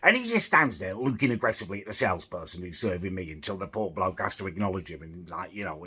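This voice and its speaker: A young man talks straight to his vlog camera in a casual rant. His voice is bright and sharp but very husky and raspy, and it sits fairly low. He sounds exasperated and sarcastic as he complains. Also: big pitch swings, fast, few pauses. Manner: quiet, subdued at the start. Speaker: vlogger.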